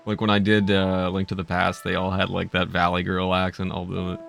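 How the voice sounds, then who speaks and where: A man's voice: low voice, completely flat delivery, normal speed, creaky, a bit bright, faint music behind. A man streaming a video game live, chatting and rambling casually with viewers.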